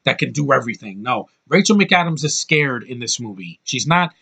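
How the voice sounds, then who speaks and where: A man's voice: medium pitch, expressive, normal speed, gravelly, pushed and bright, slightly rough. A man giving a casual, rambling film review with blunt opinions and lots of restarts.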